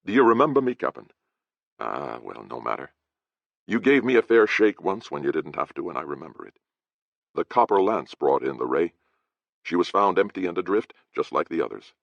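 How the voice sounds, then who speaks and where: A man's voice: low voice, very animated, moderate pace, creaky, dry recording, heavily acted. A man voicing a loyal, cautious male harbor guard with old-fashioned speech, talking in a confiding way, in a dry, slightly dull recording.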